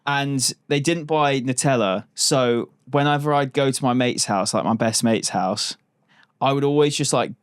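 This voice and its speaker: A chatty man hosting a relaxed podcast, laughing easily and dropping casual swear words. His voice sits at a middle pitch and is recorded dry and close to the mic. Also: normal speed, clear, resonant tone, no echo. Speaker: podcast host. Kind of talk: casual chat.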